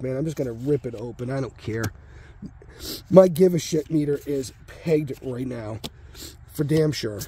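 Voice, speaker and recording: A warm, slightly rough, somewhat high male voice narrates pack openings from a home basement room. The host is sick, breathing hard and short of breath, and his casual remarks ramble, turn a bit crude, and drop to mutters.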